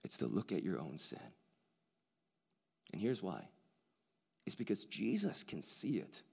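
A male preacher giving a sermon in a large hall with hundreds of people, swinging from a hushed near-whisper to loud excitement, with casual slang. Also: mid-range voice.

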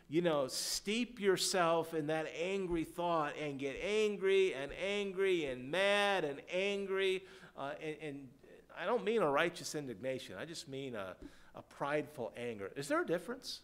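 Pastor, male, preaching in church; voice a bit high, call-and-response delivery, dynamic from soft to loud. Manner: swings from quiet, slow prayerful passages to loud emphatic points. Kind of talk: sermon.

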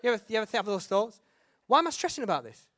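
A young man delivers a comic sermon story, acting out his own thoughts and calling out loudly at moments. His voice sits fairly high for a man and the sound is dry and close, with no room echo. He talks with playful self-mockery and quick bursts of energy. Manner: humorous, animated, shouts and acts out quotes. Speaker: preacher.

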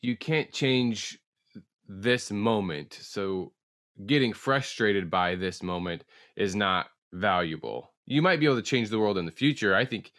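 A man's voice: on the low side, lively intonation, measured pace, fairly bright tone, dry recording, studio quality. A man hosting an interview, thoughtful and encouraging as he paraphrases his guest. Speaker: host. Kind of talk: casual interview chat.

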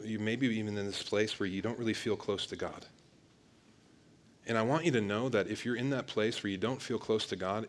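Low-voiced man preaching emphatically. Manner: energetic, emphatic preaching with direct address to the congregation. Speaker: pastor. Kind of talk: sermon.

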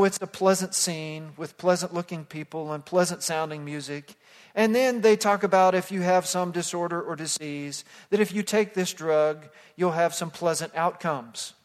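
High-voiced preacher in a reverberant hall. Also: male voice. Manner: expository preaching with calls to the congregation; swings from hushed to loud emphasis. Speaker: pastor. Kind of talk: sermon. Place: church sanctuary.

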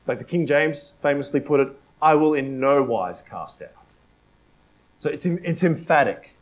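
A man preaching a sermon in a conversational way, tossing in "right?" and "like" asides and repeating key phrases for emphasis, sometimes dropping to a hush. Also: medium pitch, lively intonation, moderate pace. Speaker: pastor.

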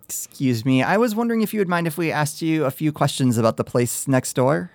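A tabletop player questioning a character politely and curiously, in a mid-pitched, even voice. The sound is dry and close. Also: fairly quick, dry recording. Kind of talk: playing a tabletop game in character.

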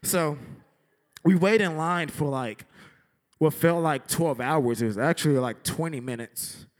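A young man teaching a lesson through an animated story, acting out scenes with sound effects and saying "like" a lot. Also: a little high, a little slow. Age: young adult. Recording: echoey hall with long reverb.

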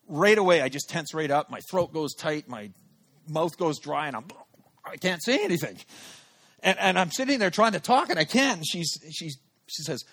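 A male pastor delivers a sermon in a theater church, acting out his own inner voice as he tells a story. His voice sits somewhat high for a man and swings widely in pitch, and his delivery is lively and expressive. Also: a little fast. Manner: animated, acts out his own inner thoughts. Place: church service held in a theater.

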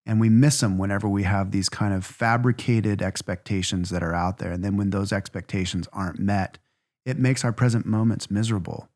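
A man's voice: fairly low pitch, fairly even intonation, a little fast, a little mellow. A man, co-hosting a reflective faith conversation and telling stories with rhythmic lists. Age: 40s. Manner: earnest, storytelling, lists phrases in rhythm. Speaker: podcast co-host.

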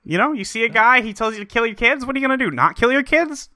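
A man with a very bright, high, lively voice speaks close to the mic in a dry room. He jokes with deadpan asides and quick mock quotes, and his pitch swings widely as he talks. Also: dry recording. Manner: animated, jokey, deadpan asides. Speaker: podcast co-host. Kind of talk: casual comedic book discussion.

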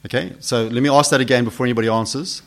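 A man preaching a sermon who asks the congregation questions and swings between loud build-ups and hushed lines. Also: mid-range voice, steady tone, racing.

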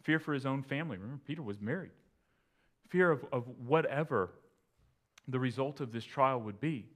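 A man's voice: medium pitch, expressive, normal speed. Man preaching with emphatic bursts. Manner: conversational, with sudden emphatic bursts. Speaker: pastor. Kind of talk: expository sermon.

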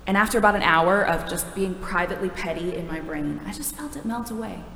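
A woman's voice: on the low side, a little fast, sharp tone, a little hiss or hum. A woman preaching a sermon in a conversational, wry, self-deprecating way. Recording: echoey hall from a distance.

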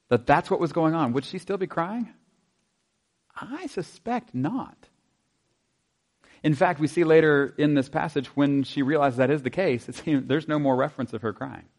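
A man preaching a sermon in a conversational way, asking his listeners rhetorical questions and dropping into soft asides. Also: fairly high pitch, moderate pace, long pauses. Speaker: pastor.

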